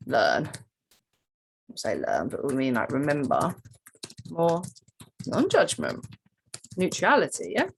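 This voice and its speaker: Woman coach talking thru a journal exercise, lively, lots of um and like, keyboard clicks behind. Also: vocal fry. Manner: animated, with pitch jumps and frequent fillers. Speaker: spiritual coach. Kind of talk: casual teaching walkthrough.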